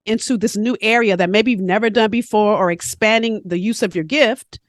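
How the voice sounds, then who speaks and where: A woman guest on a podcast interview who coaches others, talking in an animated, emphatic storytelling way. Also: mid-range voice, a little fast, no room sound.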